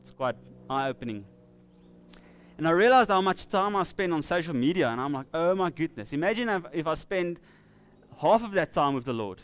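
Earnest South African preacher, clear voice. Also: male voice, fairly high pitch, expressive, a bit bright. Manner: earnest, with laughing asides and slow emphatic scripture reading. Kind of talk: sermon. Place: church.

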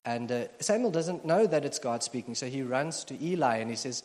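Chatty pastor preaching in a reverberant church. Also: male voice, mid-range voice, lively intonation, a little fast, few pauses, darkish tone. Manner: conversational, self-deprecating humor, frequent fillers. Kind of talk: sermon. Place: church auditorium. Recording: long hall reverb from a church PA.

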